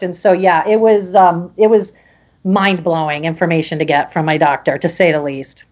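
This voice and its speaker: A woman guest telling her own story in halting speech, with many restarts and fillers. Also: lowish voice, fairly even intonation, a little mellow, muffled recording. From Connecticut. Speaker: podcast guest. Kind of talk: emotional personal story.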